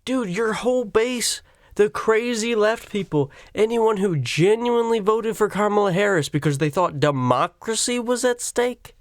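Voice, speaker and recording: A man's voice: high-pitched, no room sound, clean studio sound. Crude, ranting podcast host, man. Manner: crude, sarcastic, swings from loud outbursts to quiet.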